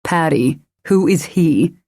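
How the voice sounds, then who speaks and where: A woman narrator voicing a calm male investigator who asks patient, coaxing questions. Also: low-pitched, slow pace, creaky, husky, dry recording, studio quality, full character voice. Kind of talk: audiobook character voice.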